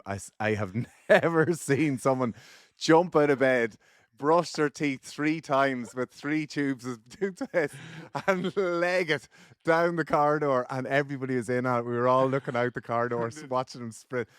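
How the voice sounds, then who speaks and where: Irish ex-player co-host, forties, mid-pitched, animated storyteller, dry booth sound. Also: male voice, normal speed, clear, resonant tone, no echo. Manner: animated anecdotes, laughing mid-sentence. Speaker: co-host, former rugby player. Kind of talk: casual podcast chat, storytelling.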